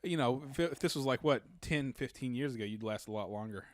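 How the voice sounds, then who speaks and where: A man's voice: mid-range voice, fast, no echo. Dry-miked man telling a rambling story. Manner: rambling anecdotes, acts out the people he quotes. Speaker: podcast co-host. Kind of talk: casual storytelling chat.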